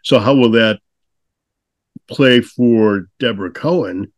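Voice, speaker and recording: A man's voice: medium pitch, slow, dry recording. A man hosts a podcast interview and talks in an easygoing, storytelling way. His voice sits in a middle range, and it is recorded dry and close with no room sound. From St. Louis. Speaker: podcast host.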